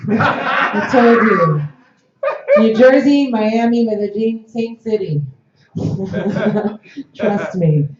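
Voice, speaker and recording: A woman hosts an open comedy stage, rattling through her jokes in a quick, chatty way before she brings on the next act. Her voice sits at a middle pitch, and it sounds roomy and slightly muffled, as if picked up in a small club. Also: a crowd in the background. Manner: quick chatty delivery, laughing between jokes. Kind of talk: stand-up comedy and compering.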